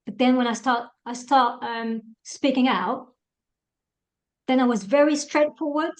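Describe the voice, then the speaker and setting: Woman, slightly high pitch, thoughtful, measured, workshop participant, video call. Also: a little mellow, low-quality recording. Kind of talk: casual chat.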